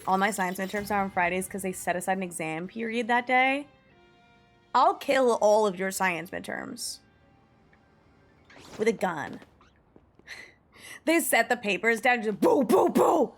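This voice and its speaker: A woman's voice: medium pitch, unhurried, pauses often, soft background music. A young woman streaming a game, chatting casually with her viewers, telling stories with lots of giggles and reading chat aloud.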